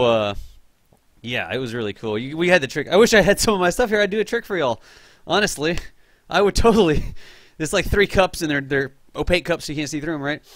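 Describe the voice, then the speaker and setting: A young man hosting a live game stream, chatting casually and excitably while reading chat aloud. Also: on the high side, no echo, clean studio sound.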